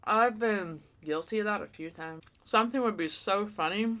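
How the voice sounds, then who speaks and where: A woman's voice: medium pitch, moderate pace, fairly bright tone. A woman hosting an eating show, chatting casually and rambling with lots of fillers. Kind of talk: casual chat while eating.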